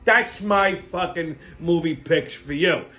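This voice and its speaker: A man's voice: fairly high pitch, takes it slowly, bright, forceful tone. A man in his fifties hosting his own show, ranting casually and profanely with lots of animation. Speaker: host. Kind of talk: casual monologue.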